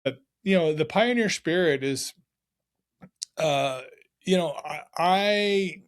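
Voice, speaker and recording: A middle-aged man, a podcast guest, telling stories from his working life in a casual, excited and energetic way. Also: fairly high pitch, takes it slowly. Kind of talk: casual storytelling.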